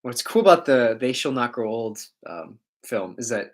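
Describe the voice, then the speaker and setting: A man's voice: medium pitch, lively intonation, moderate pace, few pauses. A man chatting his way through a casual livestream, reading viewers' comments aloud and riffing on them. His talk wanders and jokes along, and he laughs often as he goes. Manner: rambling, joking, laughs often.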